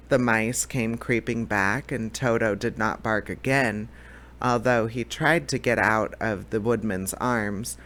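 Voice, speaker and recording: A man's voice: mid-range voice, fairly bright tone. A man reading a children's book aloud, unedited, now and then tripping on words and correcting himself. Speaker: storybook reader.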